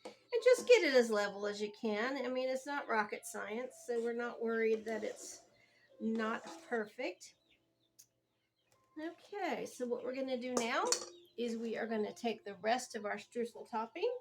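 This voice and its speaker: A woman talks viewers through a bake in a relaxed, chatty cooking vlog. Her voice sits a little high, and she keeps it homey, calling her audience guys and y'all. Faint noise hangs in the background. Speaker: home baking vlogger.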